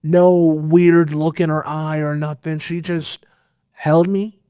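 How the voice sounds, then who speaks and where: A man guest on a podcast, telling a personal story in a casual, animated way with lots of fillers. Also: a little high, slow pace, smooth, dry recording, studio quality. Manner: animated, expressive, full of fillers. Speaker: podcast guest, metal vocalist.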